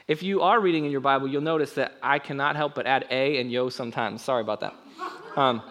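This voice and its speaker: A male pastor preaching a sermon and leading prayer in a conversational, animated way, with joking asides to the congregation. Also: medium pitch, quick pace.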